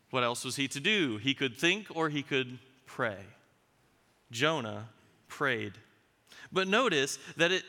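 A man with a bright, forceful, slightly higher voice preaches a sermon, working through scripture verse by verse. He drops dry, wry asides between the readings. His voice rings out with a long reverb, as in a church hall. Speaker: pastor.

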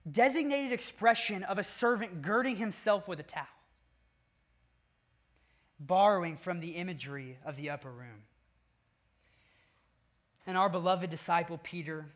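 A man with a notably high voice delivers an expository sermon. He speaks emphatically and piles up repeated phrases to drive each point home. His delivery is deliberate and earnest. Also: bright, forceful tone. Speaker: preacher.

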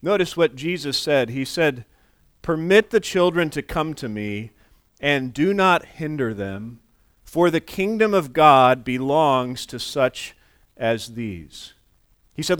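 A man's voice: a little high, lively intonation, slow, a bit bright, clear, resonant tone, no echo, clean studio sound. A man in his forties preaching a sermon in a conversational way, often restarting words and acting out quoted voices. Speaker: pastor.

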